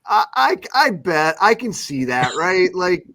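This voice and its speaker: A man's voice: high voice, big pitch swings, unhurried, bright, forceful tone, no room sound. A man co-hosting a talk show, cracking sarcastic jokes. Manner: joking, sarcastic. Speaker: co-host. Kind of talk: casual radio talk.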